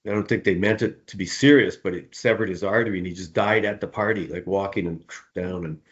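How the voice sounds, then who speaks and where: Low-voiced man rambling about writing. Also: fairly even intonation, brisk. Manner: rambling, repeats words, laughs often. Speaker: author, interview guest. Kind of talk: relaxed conversational interview answers. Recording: dull, muffled sound.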